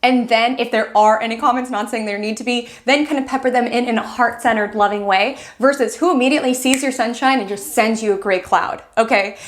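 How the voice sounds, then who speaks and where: A woman's voice: fairly high pitch, steady tone, a little fast, hardly any pauses, a little hiss or hum. A woman astrologer giving a casual weekly horoscope talk, chatty, acting out quoted friends and filling her speech with "like".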